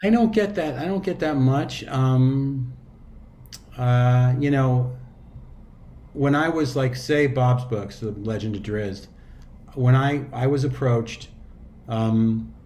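A man in his sixties, an audiobook narrator and actor, chatting as a guest in a relaxed, reflective way with loose fillers and restarts. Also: medium pitch, slow pace. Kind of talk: casual interview chat.

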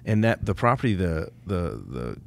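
A man's voice: sits low, very animated, normal speed, creaky, a little hiss or hum. A man co-hosting a podcast, chatting casually and making his points emphatically. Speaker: podcast co-host.

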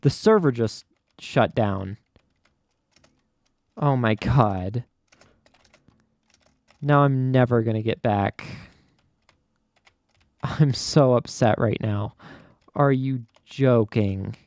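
A man chats through his gameplay in a casual, excitable way, often stammering and thinking aloud. His voice sits at a middle pitch. The sound is dry and close, with keyboard typing in the background. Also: drawn-out words, pauses often, no echo. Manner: talks to himself, stammers, excitable. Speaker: gaming YouTuber.

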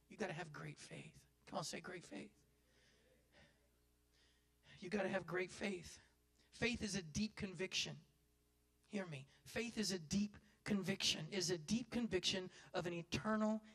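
Man, pastor, fiery folksy sermon, high-pitched. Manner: folksy preaching, building to loud impassioned cries.

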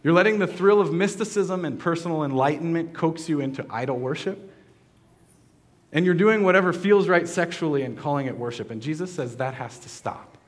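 A man's voice: a little high, brisk. A man giving a sermon as pastor, in a casual, conversational way with many fillers and restarts, asking the congregation questions.

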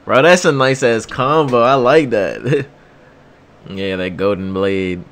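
Excitable, slow-talking young man. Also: mid-range voice. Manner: excitable, laughs often, slangy banter. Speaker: anime reaction host. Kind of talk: casual reaction commentary.

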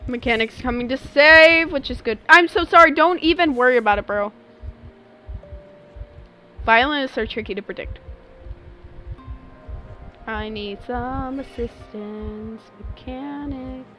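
Young woman streamer, kinda high voice, chill jokey gaming chat, faint game music behind. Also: slow pace, long pauses. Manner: animated, joking, talks to chat. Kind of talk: casual gaming livestream chat.

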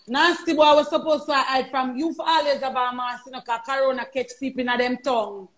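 Loud scolding Jamaican woman, high voice. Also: steady tone, a little fast, poor audio. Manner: loud, scolding, mocking, heavy cursing. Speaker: live streamer. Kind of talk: ranting live stream chat.

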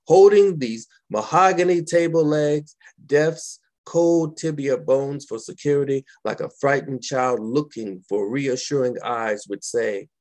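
A man, a poet, reading his poems aloud in a slow, dramatic, deliberate way with long pauses. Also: medium pitch, a little mellow. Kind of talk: poetry reading.

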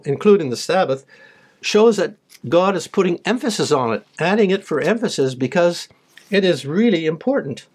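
Higher-voiced man preaching from scripture. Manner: reads verses aloud then explains them plainly, with some restarts. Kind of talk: sermon with scripture reading.

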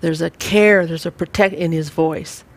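A man leading a church Bible study, talking gently and rambling with many fillers. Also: a little high, steady tone, normal speed. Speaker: church teacher.

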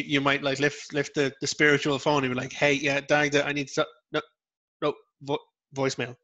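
A man's voice: mid-range voice, sharp tone. An Irish man, a storyteller guest on a podcast, chatting in a rambling, self-deprecating way. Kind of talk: casual interview chat.

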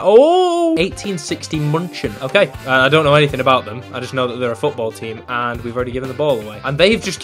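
A young man talks over his football video game in a casual, self-mocking way. His pitch swings widely, leaping into high excited yells when something happens. Faint game music plays quietly behind him. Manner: self-mocking, bursts into loud excited yelling. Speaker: gaming YouTuber. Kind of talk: casual gameplay commentary.

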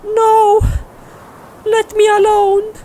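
A woman's voice: very high voice, completely flat delivery, drawn-out words, warm tone, a little hiss or hum, heavily acted. A woman acting in an amateur fan video as a distressed young girlfriend with overwrought, melodramatic lines. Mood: distraught.

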